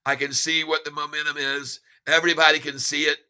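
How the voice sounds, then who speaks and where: A gleeful, excitable man narrating his stock trades live as the numbers tick by. His voice sits a little high and comes across sharp and forceful, and he keeps chuckling at the market. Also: fairly quick, smooth. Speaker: stock-trading streamer. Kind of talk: live stock-trading commentary.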